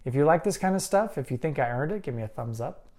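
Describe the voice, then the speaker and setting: A man's voice: on the high side, lively intonation, quick pace, darkish tone. A man hosting a podcast, talking earnestly and conversationally, often checking in with a "right?". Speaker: podcast host. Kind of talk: casual advice talk.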